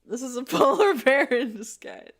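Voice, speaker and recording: A woman's voice: high-pitched, very animated, moderate pace, vocal fry, a bit bright. A woman VTuber streamer in playful live-stream roleplay chat, reading chat submissions aloud and laughing often.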